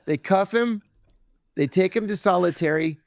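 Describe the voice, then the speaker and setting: A man's voice: high voice, moderate pace, creaky, no echo. Middle-aged guy spinning a yarn on a podcast, acts out the voices, dead dry mic. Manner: lively storyteller acting out quoted voices. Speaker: podcast guest. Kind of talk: storytelling in a podcast interview.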